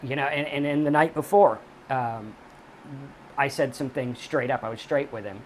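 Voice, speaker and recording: A man's voice: mid-range voice, moderate pace, slight background noise. A man hosting a recovery channel, giving blunt advice straight to camera, swearing freely and hammering the same points again and again. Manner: blunt, profane, emphatic, repeats key points. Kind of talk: direct-to-camera advice monologue.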